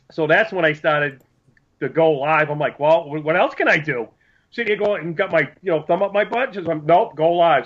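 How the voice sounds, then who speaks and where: Casual podcast co-host, male, slightly high voice, muffled lo-fi audio, lively anecdote teller. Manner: animated storyteller, acts out quotes. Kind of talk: casual chat. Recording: dull lo-fi sound.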